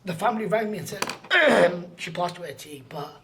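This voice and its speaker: A man telling a personal story as a podcast guest, earnest and slangy. He repeats phrases for emphasis and often drops to a hushed near-whisper. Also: high voice, lively intonation, moderate pace, slight background noise.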